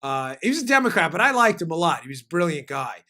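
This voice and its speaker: A man's voice: fairly high pitch, very animated, bright, forceful tone. A man hosting a political talk show, speaking emphatically in punchy bursts. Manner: emphatic, fast-shifting, punchy delivery. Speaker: host.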